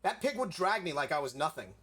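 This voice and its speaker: A man's voice: on the high side, big pitch swings, fairly quick, fairly bright tone, husky. A young man from South Florida telling a rambling story in casual chat, leaning heavily on "like" and swearing casually.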